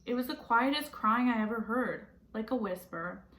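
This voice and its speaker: A woman teacher reading a novel aloud and stopping to reflect gently and ask her listeners questions. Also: on the high side, normal speed. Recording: roomy echo.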